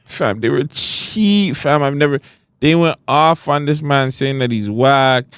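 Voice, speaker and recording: A man's voice: medium pitch, unhurried, a bit bright, clear, resonant tone. A man hosting a podcast, leading a casual chat in a blunt, profane way. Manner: blunt, profane, reads comments aloud. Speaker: podcast host.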